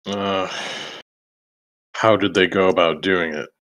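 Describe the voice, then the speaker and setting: A man with a low, slightly bright voice speaks slowly with fairly even intonation, and the recording sounds muffled. He's playing a tabletop role-playing game, drifting in and out of character as he chats and rambles loosely, swearing a lot and laughing between lines.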